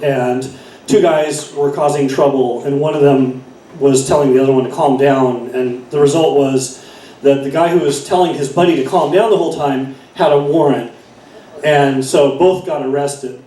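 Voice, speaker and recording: A middle-aged man tells stand-up stories in a bar, rambling along with fillers and restarts. His voice sits a bit high. The sound is roomy and picked up from some distance. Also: normal speed, warm tone. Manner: rambling with fillers and self-corrections. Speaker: stand-up comedian. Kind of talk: stand-up set. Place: bar stage. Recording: echoey room from far off.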